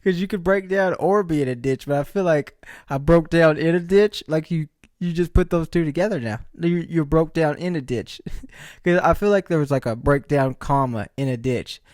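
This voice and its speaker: A man's voice: a little high, normal speed, a little mellow, dry recording, clean studio sound. A man hosting his own podcast, telling stories in a rambling, joking way, laughing often and asking rhetorical questions. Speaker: podcast host. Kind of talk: casual solo storytelling.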